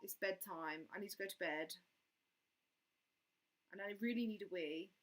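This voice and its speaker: A young woman hosts a casual livestream, her voice bright and forceful at an ordinary middle pitch. She rambles, fills her sentences with "like" and restarts her thoughts as she reads and answers viewer comments. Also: moderate pace. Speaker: livestream host.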